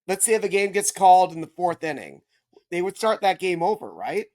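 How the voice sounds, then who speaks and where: A man's voice: sits high, very animated, fairly quick, a little mellow. A man casually explaining baseball rules to a beginner, rambling, correcting himself and checking in with his listeners.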